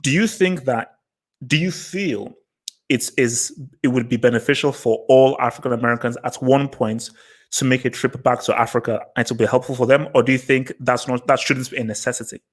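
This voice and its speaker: A man from Nigeria, hosting a live panel chat in a rambling way full of fillers and quick laughs. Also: medium pitch, fairly even intonation, low-quality recording. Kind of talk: casual panel discussion.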